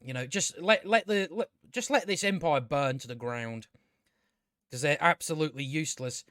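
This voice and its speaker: Male TV reviewer, high-pitched, dry recording, profane and sarcastic, stumbles over his words. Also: moderate pace, fairly bright tone, dry recording. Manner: stammering, frequent restarts. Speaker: TV show reviewer. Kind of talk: casual solo review rant.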